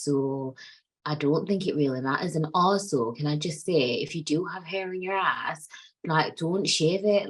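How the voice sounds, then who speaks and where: A woman's voice: deep voice, slightly rough, low-quality recording. A woman in her late twenties hosting a solo podcast, chatting candidly and rambling, swearing freely. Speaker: podcast host. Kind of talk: casual solo podcast chat.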